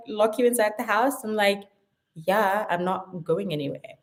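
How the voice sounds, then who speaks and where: A young woman with a South African accent chatting casually to camera at home in an animated, playful way. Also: medium pitch, moderate pace. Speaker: vlogger. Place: her home.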